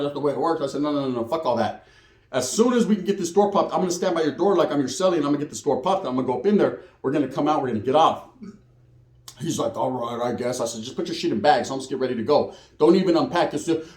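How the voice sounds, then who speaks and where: A man's voice: fairly high pitch, fast talker, darkish tone, roomy sound. A man telling a prison story in casual slangy street talk with Spanish words, acting out the other people's lines.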